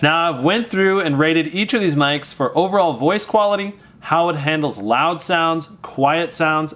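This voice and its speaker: A man's voice: a little high, fairly bright tone. A man reviewing gear in a casual, upbeat, conversational way, explaining each feature plainly. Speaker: tech reviewer. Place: home streaming room.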